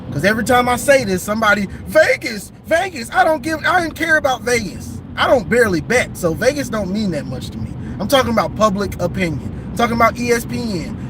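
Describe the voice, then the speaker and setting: High-voiced man talking sports. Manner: emphatic, lively, repeats and restarts phrases. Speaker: sports vlogger. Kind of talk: casual sports talk. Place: in a car while driving. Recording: road noise from a moving car.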